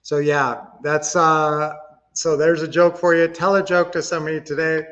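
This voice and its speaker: Upbeat male livestream host, slightly high voice, casual teaching tone, dull webcam-mic sound. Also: little pitch movement, moderate pace, fairly bright tone. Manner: upbeat, chatty, addresses viewers as guys.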